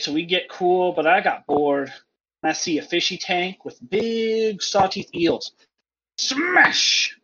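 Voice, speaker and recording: Man putting on a high, childlike simpleton reading a diary, broken grammar, over a dull lo-fi call. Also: bright, forceful tone, exaggerated voice. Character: simple-minded, childlike character writing a diary. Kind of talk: reading an in-character diary entry.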